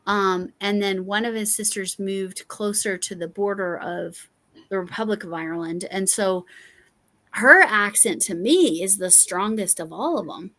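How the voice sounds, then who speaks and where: A woman from Colorado, USA, hosts a casual crafting livestream, chatting as she works and rambling with many restarts and fillers. Her voice is medium-pitched, unhurried, and a bit bright.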